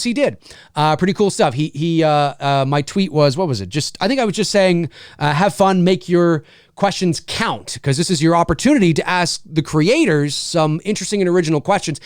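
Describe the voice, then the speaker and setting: A man's voice: a little high, smooth, dry recording, clean studio sound. A middle-aged man hosting a casual live stream, reading viewer comments aloud and joking back at them. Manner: animated, reads chat aloud and jokes back.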